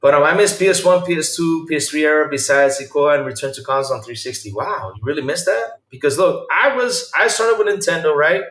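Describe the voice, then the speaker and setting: A man hosting a casual podcast chat, telling stories in an animated way that swings from loud to quiet. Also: a little high, fast talker, hardly any pauses. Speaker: podcast host. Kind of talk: casual chat with a live chat audience. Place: home room. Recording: roomy sound from a distance off the mic.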